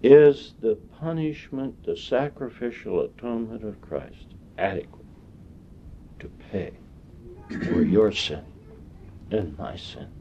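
A man preaching a sermon in a slow, deliberate way, with long pauses between phrases. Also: on the low side, animated, mellow, a little hiss or hum. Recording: dull lo-fi sound.

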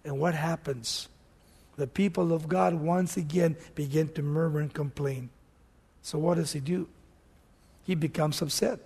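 A man preaching a sermon, telling the story dramatically and swinging from loud outbursts to hushed lines. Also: a little high, moderate pace, gravelly, slightly rough, big-room sound.

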